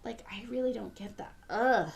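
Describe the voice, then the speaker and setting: A woman hosts a casual podcast, recapping reality TV in loose, opinionated chat. Her voice sits slightly high with a gravelly fry running through it. She talks freely and leans on fillers as she goes. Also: normal speed. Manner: chatty, filler-heavy, opinionated. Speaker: podcast host.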